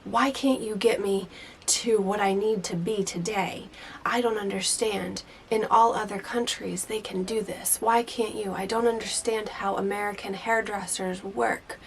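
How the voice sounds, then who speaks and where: A woman's voice: medium pitch, fairly even intonation, a little slow, a little hiss or hum, close to an everyday voice. A woman voicing an irate, drunk female salon client who frantically accuses her hairdresser. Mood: angry.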